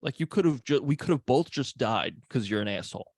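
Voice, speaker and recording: A man from Long Island chats on a podcast with a lively, swinging delivery and a gravelly edge. He bursts into loud, shouted impressions as he tells stories. The sound is dry and close. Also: medium pitch, normal speed, dry recording. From Long Island, New York. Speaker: podcast co-host. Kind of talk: casual chat about a film.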